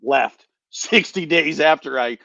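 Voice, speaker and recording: A man on a podcast telling a story in a casual, animated way, swearing and repeating words as he goes. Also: fairly high pitch, takes it slowly, no echo, lo-fi sound. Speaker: podcast host, veteran.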